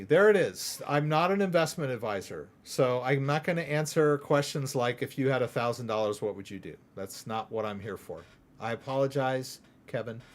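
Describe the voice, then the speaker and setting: A man from the United States runs a casual live crypto Q&A. He rambles through a screen demo and keeps asking "right?". His voice sits a little high for a man. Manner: chatty, rambling, asks "right?" often. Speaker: crypto livestream host.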